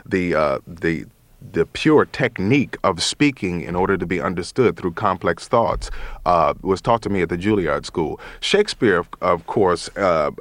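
A man in his thirties from Chicago, an actor speaking as a guest in a radio interview, thoughtful and measured, with frequent pauses and ums. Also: low voice, expressive, no room sound. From Chicago, USA. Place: radio studio. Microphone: studio mic.

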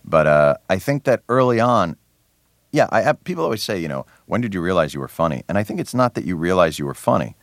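Wry, animated deep-voiced man. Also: fast talker, dry recording, studio quality. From New Jersey. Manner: many restarts and fillers. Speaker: interview guest, comedy show host. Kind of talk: radio interview.

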